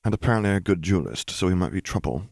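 A man's voice: sits low, expressive, fast, gravelly, a little mellow, no echo, clean studio sound, heavily acted. A man voicing a wry young wizard husband. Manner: wry, joking understatement. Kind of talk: audiobook character reading.

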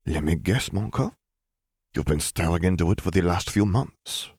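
A man's voice: low-pitched, lively intonation, moderate pace, darkish tone, slightly rough, no room sound, clean studio sound. A man voicing a young, pregnant French witch who teases and scolds in a murmur, read as a character in an audiobook. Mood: teasing, cross. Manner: murmured, teasing reproach.

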